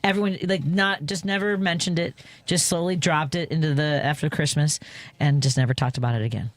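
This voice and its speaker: A woman's voice: sits low, fairly quick, dry recording. A woman hosting a radio talk show, telling stories in a chatty way and laughing often in the studio. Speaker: radio host. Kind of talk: casual studio chat. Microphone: studio microphone.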